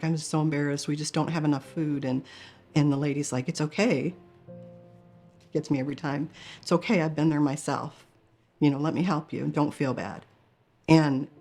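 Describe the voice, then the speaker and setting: A woman's voice: sits low, darkish tone. A woman telling her near-death experience in an interview, earnest and emotional, often quoting others in her own voice. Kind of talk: personal storytelling.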